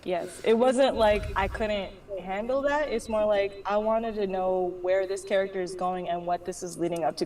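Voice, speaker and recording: A woman in a casual chat, telling an animated story full of slang and frequent laughs. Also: medium pitch, far from the mic. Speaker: guest on a live drawing stream.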